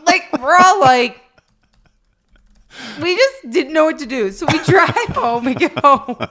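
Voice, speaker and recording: A woman's voice: high-pitched, very animated, a little slow, pushed and bright. A woman co-hosting a parenting podcast, telling a family story in a casual, chatty way, often laughing and acting out what people said.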